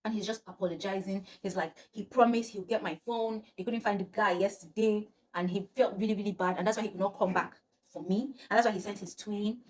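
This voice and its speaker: A woman's voice: medium pitch, fairly even intonation, fairly quick. A young woman, telling a personal story to her viewers in a dramatic, exclamatory way. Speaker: vlogger. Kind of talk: storytime vlog.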